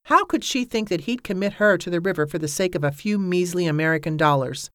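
A narrator reading a novel aloud in a measured, even storytelling manner. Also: medium pitch, no echo, clean studio sound. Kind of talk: audiobook narration.

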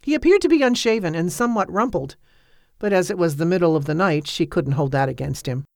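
Low-voiced woman narrating a novel. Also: gravelly, no echo, clean studio sound. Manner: measured, even storytelling. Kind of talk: audiobook narration.

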